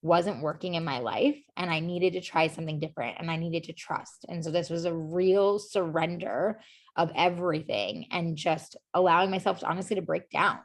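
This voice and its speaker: Low-voiced woman sharing candidly. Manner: heavy use of "like" and "you know" fillers; earnest and emotionally open. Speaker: podcast guest. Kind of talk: candid personal storytelling in conversation.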